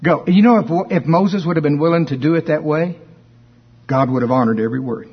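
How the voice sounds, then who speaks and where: Husky-voiced man teaching a sermon. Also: a little high, fairly quick. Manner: conversational, explaining scripture with asides. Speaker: Bible teacher. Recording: dull lo-fi recording.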